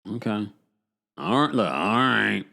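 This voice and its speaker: A man's voice: fairly low pitch, measured pace, creaky. A man in his forties hosting a casual podcast, recapping reality TV in a chatty way and reading out viewers' comments. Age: 40s. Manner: animated and chatty, with frequent restarts and asides to viewers. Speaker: podcast host.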